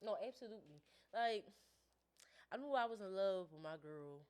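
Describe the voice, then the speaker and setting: A woman's voice: mid-range voice, lively intonation, normal speed, a little mellow, smooth. A woman host in a casual chat, telling stories playfully in laid-back slang. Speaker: podcast host.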